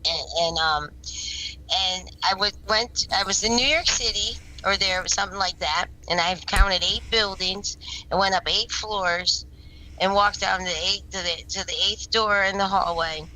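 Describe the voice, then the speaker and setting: A woman with a bright, forceful voice speaks as a guest on an interview show. She tells her experiences in an earnest, rambling way. She often restarts her sentences and repeats words as she goes. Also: medium pitch, a little slow, rough recording. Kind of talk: casual spoken storytelling.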